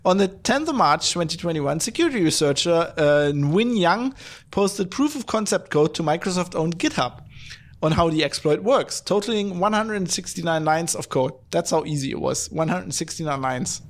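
A man's voice: fairly high pitch, animated, normal speed. Ranting profane podcast host, man. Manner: ranting, profane, many fillers. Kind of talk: casual chat.

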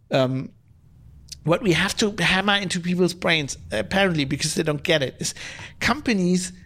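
Male podcast host, angry swearing rant, higher-pitched voice, restless restarts. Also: a bit bright. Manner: heated, profane, repeats himself when worked up. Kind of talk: solo podcast commentary rant.

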